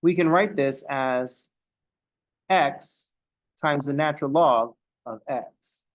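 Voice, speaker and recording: Speaking slowly in a mid-range voice, a man gives a math lecture, going through each step. Now and then he breaks off into a joking aside.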